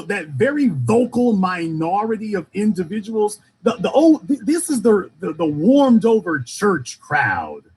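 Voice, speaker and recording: A man runs a political call-in show with a raised, husky voice. His delivery is fiery and emphatic, and the pitch leaps all over the place. He keeps stacking repeated phrases to press each point. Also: a little mellow.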